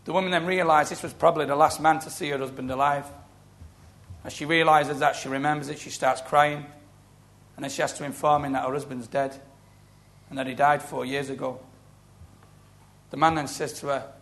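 A middle-aged man preaching a sermon, telling stories with lively quoted voices. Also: medium pitch. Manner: storytelling, animated, acting out quoted voices. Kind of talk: sermon with testimony.

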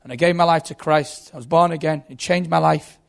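A man preaching in a creaky voice, voicing a grateful young woman telling how her life changed. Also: on the high side, fairly even intonation, brisk. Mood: earnest recounting. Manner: earnest, storytelling. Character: young woman, once furious, now grateful convert.

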